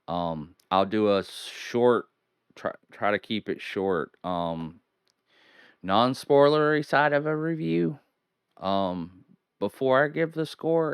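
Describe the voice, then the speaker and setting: A man's voice: low-pitched, smooth, no room sound, studio quality. A young man hosting a horror movie review from home, hamming it up as a spooky showman between rambling, casual asides. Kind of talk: theatrical solo video review. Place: home at night.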